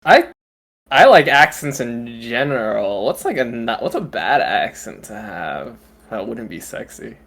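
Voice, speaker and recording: A man's voice: medium pitch, very animated, a little slow, fairly bright tone. A young man co-hosting a podcast, rambling, swearing and laughing at his own jokes. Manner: laughs easily, swears a lot, loose and rambling. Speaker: podcast co-host. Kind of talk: casual chat.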